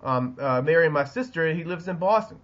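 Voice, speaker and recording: A man's voice: fairly high pitch, lively intonation, brisk, fairly bright tone, highs cut off. A man with a Southern US accent giving a recorded geography lesson, rambling with lots of ums and restarts. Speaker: teacher. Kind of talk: recorded classroom lecture. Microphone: webcam.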